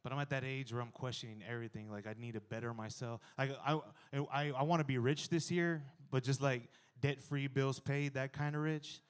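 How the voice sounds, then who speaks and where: A man in his thirties performing a stand-up comedy set, animated and jumping to loud exclaiming in the acted-out bits. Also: medium pitch, brisk, hardly any pauses, smooth. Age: 30s.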